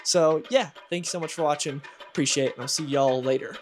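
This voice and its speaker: A man's voice: fairly high pitch, quick pace. Enthusiastic young man reviewing comics. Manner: enthusiastic, gushing. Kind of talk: casual review vlog.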